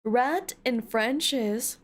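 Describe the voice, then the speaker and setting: A woman streaming a game, chatting to her viewers in a giggly, animated way. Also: fairly high pitch, very slow. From United States. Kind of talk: casual livestream chat.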